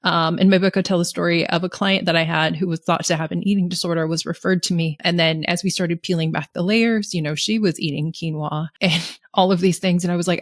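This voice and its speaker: A woman's voice: lowish voice, steady tone, fairly quick, hardly any pauses, dry recording. Chatty woman podcast host, dry sound. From California. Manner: chatty, frequent affirming "mm-hmm"s. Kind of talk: casual conversational interview.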